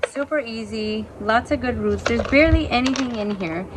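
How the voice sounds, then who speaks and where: A woman's voice: on the high side, normal speed, noisy background. A woman chatting enthusiastically to her viewers as she shows a hobby project outdoors. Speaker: orchid vlogger. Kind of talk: casual chatty demonstration. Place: outdoors in the sun and wind.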